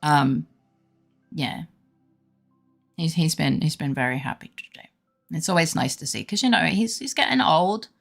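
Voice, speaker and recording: Gravelly low-voiced woman streamer. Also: unhurried, long pauses. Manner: chatty, rambling, gushing about her dog; baby-talk voice toward her dog. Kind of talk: casual chat with live chat. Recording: faint background music.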